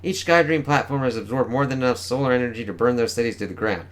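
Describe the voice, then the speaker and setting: A man's voice: mid-range voice, fast talker, natural voice. A man reading out the lines of a smug, scheming male villain from a comic, glib and boastful, in close to his own voice.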